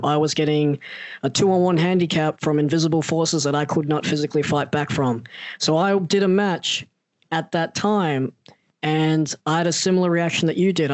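A man's voice: fairly high pitch, no echo. A male podcast host who also wrestles, talking earnestly and telling stories fluently. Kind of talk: podcast interview.

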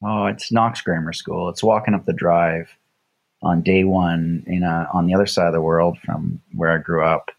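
A man's voice: low-pitched, level tone, moderate pace, gravelly, dull audio. A middle-aged man, a guest telling reflective stories in a conversational way. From Canada. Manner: reflective, uses vivid stage imagery. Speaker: guest, Olympic champion. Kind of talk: conversational storytelling.

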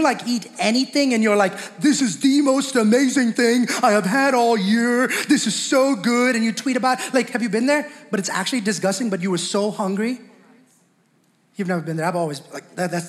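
Very high-voiced fervent preacher in a reverberant hall. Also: male voice, a bit bright. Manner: fervent, repetitive, asks the congregation questions. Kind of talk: sermon.

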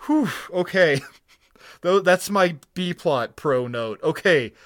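Brief: higher-pitched male podcast co-host, excitable and foul-mouthed, dry close mic. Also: slow pace, dry recording. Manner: profane, excitable, laughs often. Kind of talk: casual episode recap.

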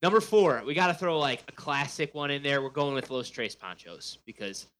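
Young man, casual chat, upbeat, bright forceful voice, mid pitch. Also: animated, moderate pace, low-quality recording. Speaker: podcast co-host.

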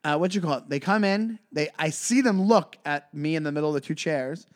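A man co-hosting a podcast and telling a story in a casual chat, animated, with his voice jumping up when he quotes people. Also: on the high side, brisk. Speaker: podcast co-host and comedian.

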